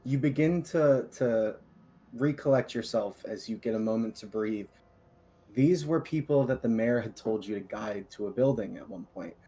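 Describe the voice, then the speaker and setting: A man narrating a tabletop game as dungeon master, in a casual, measured way with fillers. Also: on the low side, warm tone.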